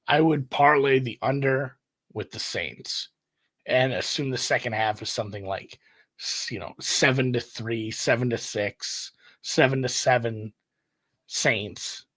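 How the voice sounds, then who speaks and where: A man's voice: medium pitch, fairly bright tone, breathy edge. A man hosting a podcast, casually thinking aloud about sports bets as he checks the odds. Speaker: podcast host. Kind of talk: casual solo sports betting talk.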